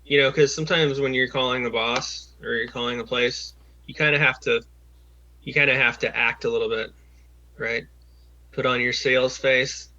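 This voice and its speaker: A man coaching a job seeker over a video call, with a bright, forceful voice at an average pitch. He is patient and encouraging and full of ums and restarts. The audio is dull and lo-fi, like a compressed call. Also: steady tone, moderate pace.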